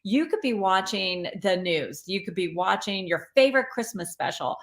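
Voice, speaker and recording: A woman hosts a relaxed live stream in a chatty, encouraging voice at a mid pitch. She often restarts her sentences and cheers her viewers on as she reads their comments aloud. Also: normal speed. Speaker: live stream host and spiritual coach.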